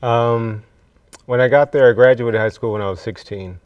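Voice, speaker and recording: A young man being interviewed on a talk show about student affairs, answering in a halting, relaxed way with fillers, on a dull, slightly lo-fi recording. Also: medium pitch, dry recording. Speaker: student affairs staff guest. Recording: dull, slightly lo-fi, dry sound.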